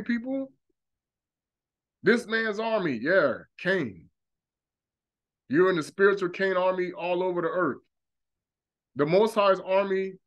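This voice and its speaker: A man preaching a fervent monologue, mocking opponents by mimicking them in quick asides. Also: high voice, highs cut off. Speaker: religious commentator.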